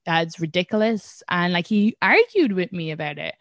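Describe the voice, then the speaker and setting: Irish woman, young adult, comedian guest, animated storytelling, dry close sound. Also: lowish voice, moderate pace, no echo. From Ireland. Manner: animated storytelling with frequent restarts and laughs. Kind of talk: casual podcast chat.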